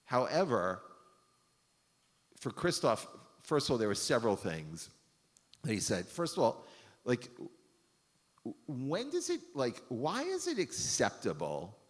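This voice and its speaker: A man's voice: mid-range voice, huge pitch swings, measured pace, pauses often. A man, a rabbi, tells stories in a casual, rambling way, full of fillers and restarts. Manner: rambling, many fillers and self-corrections. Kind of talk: casual storytelling talk. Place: synagogue hall. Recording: long hall reverb.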